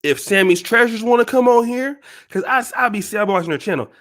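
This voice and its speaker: A man's voice: sits high, expressive, fast talker, fairly bright tone. A man hosting his own channel, ranting at viewers in an emphatic, profane, repetitive, preachy way. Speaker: channel host.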